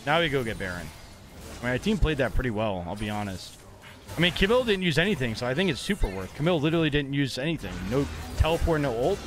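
A man's voice: medium pitch, animated, quick pace, fairly bright tone, faint music behind. A young man casually commentating his own game live as a streamer, chatty and joking with his chat. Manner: casual, chatty, playfully mock-angry trash talk.

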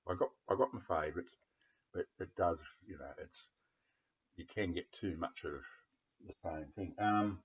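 Australian bloke mumbling on about records, deep raspy voice, swears a lot, muffled lo-fi audio. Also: male voice, moderate pace. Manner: rambling, blunt, sweary, trailing off into mutters. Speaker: vlogger. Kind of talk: casual chat about records.

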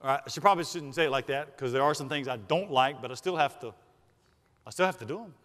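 A man with a Southern US accent, a senior pastor preaching a sermon to his congregation. He talks emphatically, slowing down to stress key words and then speeding through asides. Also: medium pitch, a bit bright. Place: church sanctuary. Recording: long reverb of a church sanctuary.

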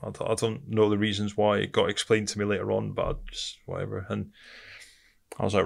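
A man's voice: fairly low pitch, little pitch movement, brisk, creaky. A man from Britain, a podcast guest telling his story bluntly and candidly, swearing often and calling the host mate.

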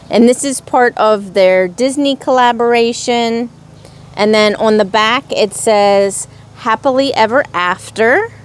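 Young woman gushing over cute charms, kinda high voice, talks real slow. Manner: gushing, slow and drawn-out exclamations. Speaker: crafts vlogger. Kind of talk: casual haul video.

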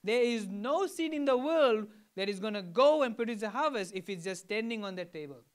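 Fijian pastor preaching conversationally. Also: male voice, high-pitched, animated, brisk. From Fiji. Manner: conversational preaching with questions to the congregation. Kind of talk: sermon.

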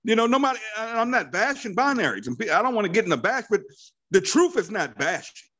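A man's voice: high voice, sing-song, brisk, fairly bright tone, muffled recording. A man in his fifties leads a motivational training call as a network marketing team leader. He talks in a fervent, preachy way and drives points home by repeating his phrases.

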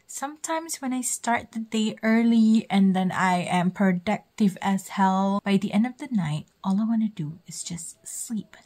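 A woman's voice: mid-range voice, darkish tone, husky. A young woman vlogging her night routine in a chatty way, often dropping to a whisper. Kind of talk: casual vlog narration.

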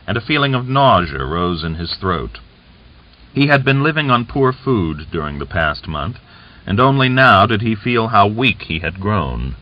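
Low-voiced guy reading a novel aloud, steady and measured, kinda muffled old recording. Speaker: audiobook narrator. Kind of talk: scripted narration. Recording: dull lo-fi audiobook recording.

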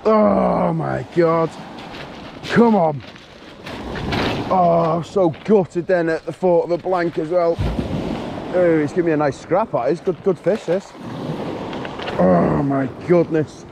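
A man with a gravelly, slightly high voice talks his way through shore fishing, urging the fish on and exclaiming to himself. He speaks slowly, with loud surf and wind around him on an action camera. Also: fairly even intonation. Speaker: fishing vlogger. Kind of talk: excited running commentary while shore fishing. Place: outdoors on a beach by the sea. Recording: wind and surf noise outdoors.

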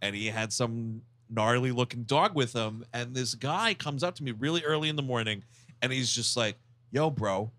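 A man's voice: medium pitch, moderate pace, pushed and bright, no echo. A man co-hosting a comedy movie podcast, recapping the plot in a rambling, profane way and telling anecdotes. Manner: profane, rambling storyteller who acts out quotes. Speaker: podcast co-host.

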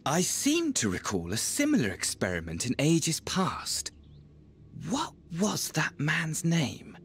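An actor voicing a theatrical, scornful male villain in a video game, with a husky, sneering delivery. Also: a little high, wildly swooping pitch, takes it slowly, a bit bright, slight background noise, exaggerated voice. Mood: dismissive.

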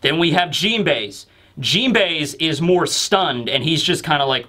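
Man, manga review host, high voice, emphatic and joking. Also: expressive, unhurried, sharp tone. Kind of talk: casual commentary video.

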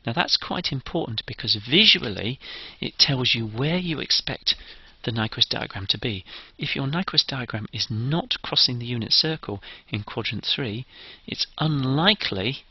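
A man's voice: mid-range voice, lively intonation, moderate pace, hardly any pauses, husky, no echo, highs cut off. A man giving a methodical, step-by-step engineering lecture.

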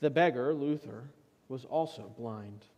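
A man preaching a sermon as pastor, leading a guided imagery passage with dramatic rises and hushed drops. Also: mid-range voice, a little slow, muffled recording. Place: church sanctuary. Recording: long church reverb.

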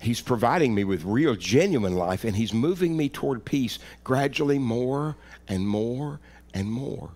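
A middle-aged man preaching a sermon, telling a story and repeating phrases for emphasis, dropping low and quiet then rising loud and emphatic. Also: expressive, unhurried. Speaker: pastor.

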